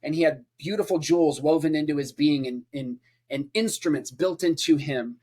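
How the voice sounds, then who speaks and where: A man preaching in a casual, conversational way as a podcast guest, with his voice pitched somewhat high for a man. He leans on emphatic repetition and piles up rhetorical lists to drive his points home. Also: moderate pace, darkish tone, slightly rough.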